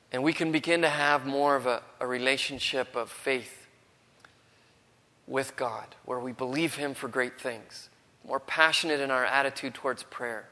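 A man preaching a sermon with a cold, earnest and dropping to a hush when he quotes. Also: medium pitch, long reverb tail. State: has a cold, throat strained.

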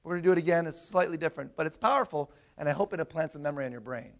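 A man delivers an energetic sermon, his voice pitched notably high for a man. He tosses questions out to his listeners and drives his points home with emphasis. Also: rapid-fire. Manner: animated, asks the audience questions. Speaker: preacher. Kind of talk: sermon to a congregation.

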